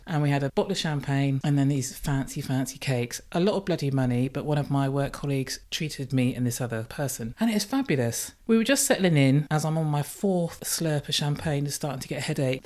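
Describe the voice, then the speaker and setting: Chatty woman telling stories. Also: low-pitched. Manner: chatty, lively anecdotes with casual swearing. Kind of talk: casual storytelling monologue.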